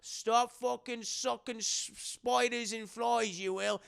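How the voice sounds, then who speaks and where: A man voicing a gruff, bossy male asylum orderly with a Cockney accent, shouting. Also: very high-pitched, fairly even intonation, takes it slowly, pitched above the performer's own voice, full character voice. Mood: exasperated. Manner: shouting from a distance.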